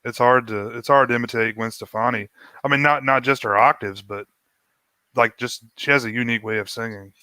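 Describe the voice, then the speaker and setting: A man's voice: medium pitch, fairly even intonation, brisk, sharp tone. A man co-hosting a casual movie discussion podcast, speaking in short, laid-back remarks. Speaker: podcast co-host. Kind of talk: casual film discussion chat.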